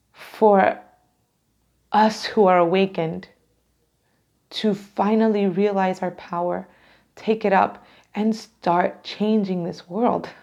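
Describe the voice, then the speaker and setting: A woman with a gravelly edge to her mid-pitched voice talks through a tarot reading. She rambles and laughs often, and she sounds close to tears. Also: warm tone, lo-fi sound. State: near tears. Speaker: tarot reader. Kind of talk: casual tarot reading to camera.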